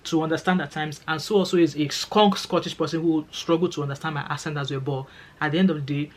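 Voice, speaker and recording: A woman's voice: deep voice, steady tone, quick pace. A woman with a Nigerian accent, vlogging in a chatty, emphatic way, repeating phrases for stress and speaking straight to her viewers. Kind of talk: casual talking-to-camera vlog.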